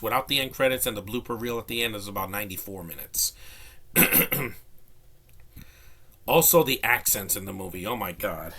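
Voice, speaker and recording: A man's voice: medium pitch, bright, forceful tone. A man of Hispanic background giving a casual spoken movie review, rambling with restarts and fillers, recorded on a phone. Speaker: film reviewer.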